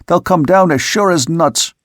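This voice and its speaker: A man voicing a frantic sailor who shouts and pleads with his crewmates high up in the rigging. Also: moderate pace, no room sound, studio quality, natural voice. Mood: alarmed.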